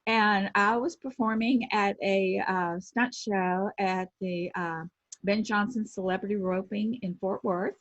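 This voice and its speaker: A woman in her sixties, a former pro wrestler, telling lively anecdotes in an interview and acting out the people she quotes. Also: mid-range voice, measured pace, no room sound. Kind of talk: casual storytelling interview. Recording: dull lo-fi sound.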